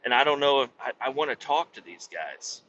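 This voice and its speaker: A man's voice: medium pitch, lively intonation, brisk, fairly bright tone, a little hiss or hum. Rambling, cussing male podcaster. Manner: rambling, profane, self-interrupting. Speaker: podcast host. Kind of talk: casual solo podcast monologue. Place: home podcast setup in Missouri. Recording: dull lo-fi recording.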